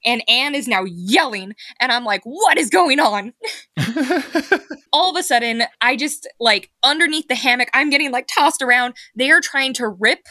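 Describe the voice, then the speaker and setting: A woman telling lively stories in casual chat, acting out quotes and laughing. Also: a little high, normal speed, few pauses, no echo. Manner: animated, acts out quotes with laughter. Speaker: guest.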